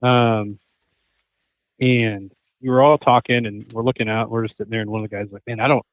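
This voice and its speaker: Speaking fairly quickly in a lowish voice, this thirty-something hunter and chef is a guest on a relaxed podcast. He's an animated storyteller who performs the quotes of people in his tales. There's no echo, but the remote connection sounds thin and phone-like.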